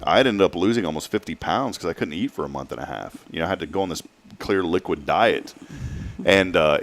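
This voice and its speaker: A man hosting a morning talk show, rambling and often restarting his sentences. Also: sits low. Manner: rambling, self-interrupting, chatty. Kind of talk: casual chat.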